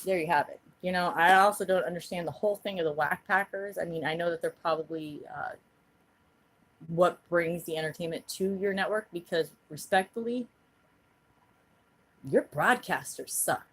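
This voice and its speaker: A woman hosting her own channel rants bluntly on a live stream, angry and agitated and swearing heavily. Her voice is on the low side, and her pace is moderate.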